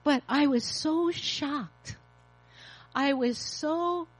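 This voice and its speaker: A woman's voice: high voice, extremely slow, breathy edge, soft background music, rough recording. A woman in her fifties, a pastor, preaching an emotional, confessional testimony. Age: 50s. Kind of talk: sermon testimony.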